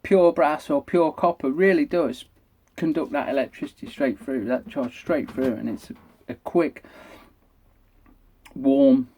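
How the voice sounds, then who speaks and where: A middle-aged British man hosts a casual review vlog. He talks in a chatty, enthusiastic way and swears freely as he goes. His voice sits at an ordinary middle pitch. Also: measured pace, warm tone. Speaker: vape reviewer.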